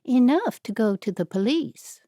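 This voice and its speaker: A nervous but bold elderly Amish lady who presses with rising, urgent questions, as a woman reads her. Her voice lifts high above the narration and swings widely. It sounds close and dry, with no room around it. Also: expressive, a little slow, mellow, no echo. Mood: pressing. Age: older.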